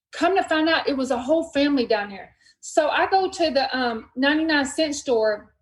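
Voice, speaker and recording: A woman's voice: sits high, normal speed, roomy sound, rough recording. A woman hosting a podcast, telling a story in casual conversation and acting out the dialogue as she goes. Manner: animated retelling, acts out dialogue in quotes. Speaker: podcast host.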